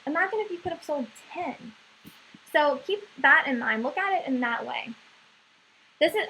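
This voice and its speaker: A woman's voice: sits high, sharp tone, a little hiss or hum, rough recording. A woman giving a staff sales training talk, coaching and often checking in with "right?".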